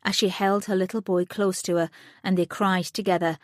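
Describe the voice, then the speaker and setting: A woman narrating an audiobook thriller in a steady, even way, close to the mic. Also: mid-range voice, moderate pace, dry recording. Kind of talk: scripted narration.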